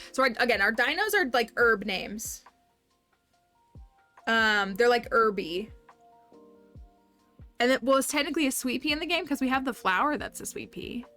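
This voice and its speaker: A woman's voice: fairly high pitch, pushed and bright. A woman livestreaming a game, chatting upbeat with her viewers and laughing often. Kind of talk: casual livestream chat with viewers.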